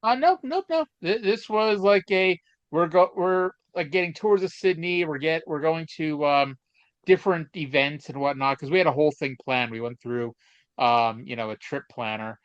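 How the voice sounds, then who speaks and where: A man with a clean, fairly high voice co-hosts a casual talk podcast, speaking at normal speed. He tells stories haltingly and rambles, full of fillers, on dull, lo-fi audio with no echo.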